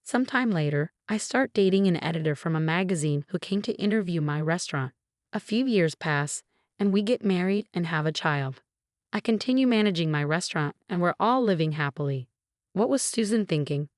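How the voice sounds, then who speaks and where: A woman narrating a scripted first-person story, reading all the characters in one steady voice. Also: lowish voice, a little fast, dry recording, studio quality.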